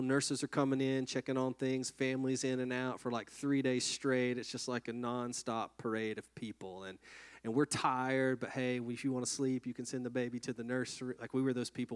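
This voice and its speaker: A man, a pastor, telling a personal story in a sermon in an earnest, reflective way with halting restarts. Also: medium pitch, clear, resonant tone.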